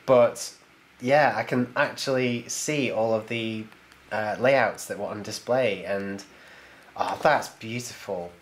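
A man's voice: lowish voice, takes it slowly. A man hosting his own channel, chatting cheerfully and laughing often as he opens and reads viewer mail aloud. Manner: chatty and enthusiastic, laughs often, talks to the camera. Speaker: YouTube channel host opening viewer mail. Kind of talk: casual chat, reading letters aloud.

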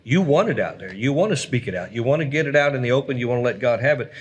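A man's voice: mid-range voice, lively intonation, fast, slightly rough. A man, a pastor, chatting earnestly on a church livestream and reading viewer comments aloud. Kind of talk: casual church livestream chat.

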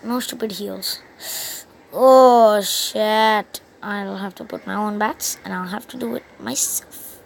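A woman's voice: medium pitch, fairly even intonation, normal speed, vocal fry, a little hiss or hum, low-quality recording. A woman hosting a casual gaming channel, rambling through a game session and a cartoon plot, with many restarts. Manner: rambling, many restarts, loses track of the story. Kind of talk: casual gaming commentary and story retelling.

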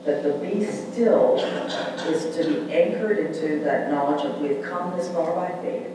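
Male pastor preaching, animated call-and-response delivery, slightly high voice, picked up from a distance in a booming church hall with audible room noise. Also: a little slow. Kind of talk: sermon. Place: large church sanctuary. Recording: echoey hall from far off.

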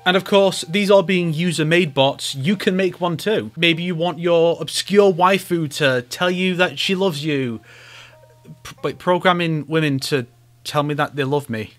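A man's voice: fairly high pitch, a little slow, fairly bright tone, soft background music. Wry, joking male YouTuber. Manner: wry, sarcastic, joking asides. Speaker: YouTuber host. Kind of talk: comedic commentary.

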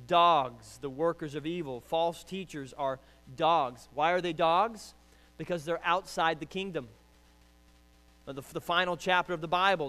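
Emphatic preaching man, hall reverb. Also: on the high side. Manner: emphatic preaching, swings from hushed to loud. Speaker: pastor. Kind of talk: sermon.

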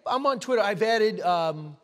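A man's voice: high voice, animated, measured pace, in a large hall. A man on a talk show panel, rambling through an incredulous retelling with quoted back-and-forth. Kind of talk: casual panel chat. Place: television studio.

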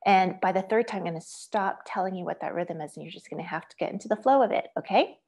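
A woman's voice: medium pitch, fast, a little mellow. A woman teaching an online music lesson, giving patient step-by-step instructions and chanting rhythm syllables and counts. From Asia.

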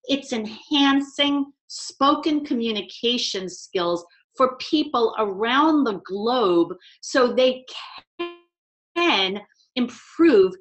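A woman's voice: on the high side, animated, takes it slowly. A woman with a New York accent, a communication trainer speaking emphatically in a webinar conversation.

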